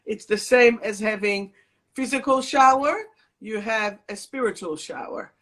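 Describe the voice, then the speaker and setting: A woman's voice: fairly high pitch, measured pace, a bit bright. Woman hosting a spiritual live chat. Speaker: host and energy healer. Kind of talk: casual live-stream chat.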